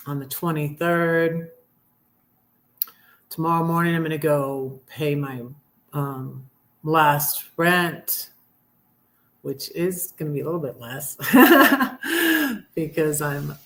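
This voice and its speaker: A woman's voice: deep voice, a bit bright. A middle-aged woman hosting a live stream, rambling and sarcastic, getting heated about politics. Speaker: livestream host. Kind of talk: casual political rant.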